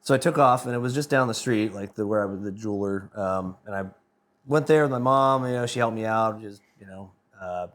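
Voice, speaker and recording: A man in his thirties, a band member on a podcast, rambling excitedly through a story and swearing freely. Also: lowish voice, brisk. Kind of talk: casual anecdote telling.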